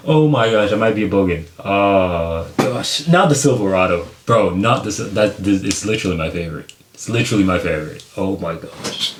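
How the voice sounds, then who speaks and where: American dude doing reaction commentary, kinda low voice, roomy echo, gets hyped and laughs a lot. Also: male voice, normal speed, a little hiss or hum. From United States. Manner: excitable, laughing, slangy, jumps high in pitch when excited. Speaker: reaction video host.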